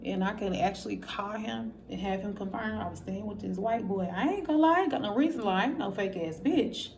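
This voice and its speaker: A woman's voice: fairly high pitch, a little hiss or hum. Candid, profane woman telling her story. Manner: candid and profane, addresses viewers directly; animated, acts out quotes of others. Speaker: vlogger. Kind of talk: casual confessional storytelling.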